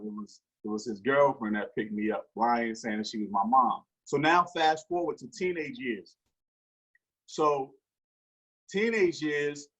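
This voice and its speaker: Husky-voiced man telling a story. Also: medium pitch, low-quality recording. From Newark, New Jersey. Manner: animated storyteller acting out quoted dialogue. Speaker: guest. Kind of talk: storytelling in an interview.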